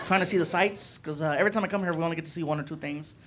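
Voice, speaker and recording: A male comedian tells a story with an animated, conversational delivery. His voice sits high for a man. Clear noise runs under the recording. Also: very fast, over a noisy crowd. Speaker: stand-up comedian. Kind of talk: stand-up storytelling.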